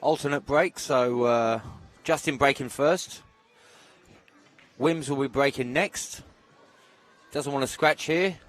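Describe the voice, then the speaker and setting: A man doing live pool commentary, joking around with puns in relaxed banter. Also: medium pitch, slow, pauses often. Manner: jokey, punning banter.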